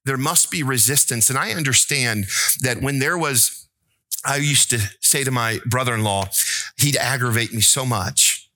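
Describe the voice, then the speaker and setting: A man delivers a sermon with a bright, ringing voice, recorded close and dry. He asks his listeners questions, mixes in jokes, and climbs to high, emphatic pleading. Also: measured pace, dry recording. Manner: rises to an emphatic, pleading pitch. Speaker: pastor.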